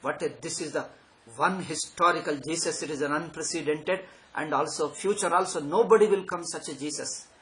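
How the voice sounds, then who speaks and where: A man's voice: on the high side, fairly quick, a bit bright, rough recording. A man giving a spiritual lecture, sarcastic and emphatic, often repeating his phrases. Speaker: Vedanta teacher.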